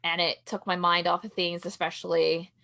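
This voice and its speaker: A woman co-hosting a podcast, speaking earnestly and haltingly with many fillers. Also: fairly low pitch, little pitch movement, gravelly, sharp tone. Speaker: podcast co-host. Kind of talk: casual chat.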